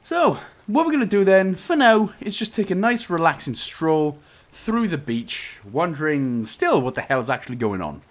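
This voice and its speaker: Welsh guy narrating a game guide, bit higher voice, bouncy, wanders off into silly tangents. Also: big pitch swings, normal speed. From Wales. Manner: jokey, rambling asides between instructions. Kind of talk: commentary over gameplay walkthrough.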